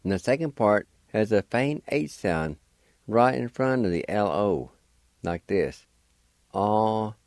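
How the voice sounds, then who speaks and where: A man's voice: fairly low pitch, sing-song, a little slow, a little mellow, no echo. A man hosting a radio language lesson, spelling words out letter by letter and patiently encouraging listeners to practice. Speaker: radio language teacher and host.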